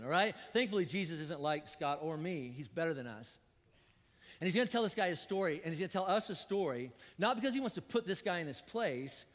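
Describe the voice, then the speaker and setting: Pastor, male, higher-pitched, preaches with animated swings from loud to hushed, in a reverberant church. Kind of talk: sermon. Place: church auditorium.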